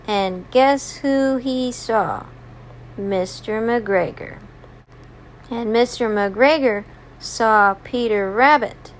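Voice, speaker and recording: Slow, high-voiced mom reading a story. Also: female voice. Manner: gentle, expressive storytelling. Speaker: mother reading a story aloud. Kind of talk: storybook read-aloud.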